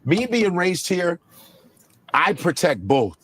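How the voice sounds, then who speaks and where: A man telling comic stories in casual chat, profane and animated, slipping into mocking impressions. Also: high-pitched, slow pace, slight background noise. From United States. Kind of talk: comedic storytelling chat.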